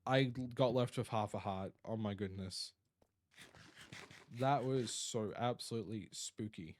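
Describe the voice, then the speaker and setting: Slow-talking tired Australian man streamer. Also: on the low side. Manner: chatty, rambling, reads chat aloud. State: tired, yawning. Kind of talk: casual live-stream chat.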